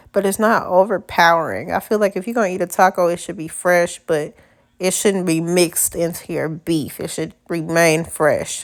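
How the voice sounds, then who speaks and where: A woman, casually narrating her home cooking in laid-back, profane slang. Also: fairly low pitch. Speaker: home cook vlogger. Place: home kitchen.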